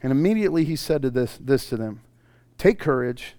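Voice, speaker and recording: Animated male pastor preaching, dry sound. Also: mid-range voice, fast talker, clean tone, no room sound. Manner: animated storytelling, swinging from loud to hushed. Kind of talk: sermon.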